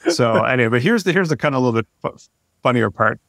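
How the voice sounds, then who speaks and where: A man's voice: medium pitch, fast talker, vocal fry, no room sound, clean studio sound. Rambling man in his forties telling a story. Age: 40s. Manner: rambling, lots of fillers and restarts, lively when retelling. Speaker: podcast guest. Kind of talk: casual storytelling.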